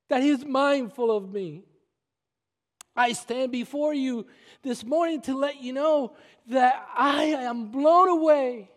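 A man with a Puerto Rican accent preaching a sermon as pastor, emphatic and repetitive, slowing down to stress his points. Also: very high-pitched. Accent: Puerto Rican Spanish. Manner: emphatic, repeats phrases and slows down for stress. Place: church sanctuary. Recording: long reverb of a church hall.

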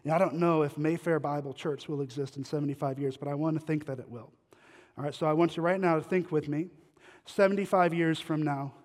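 A guest pastor, his voice slightly high and a touch mellow, addresses a congregation in a church sanctuary. His conversational sermon weaves in stories and questions for listeners, heard through long hall reverb.

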